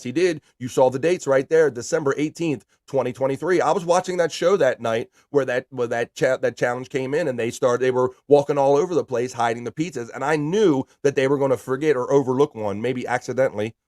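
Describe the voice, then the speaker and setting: A man hosting a casual livestream, reading viewer comments aloud and shouting out chatters by name in a loose, profane way. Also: medium pitch, a little fast, few pauses, dry recording, clean studio sound. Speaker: livestream host.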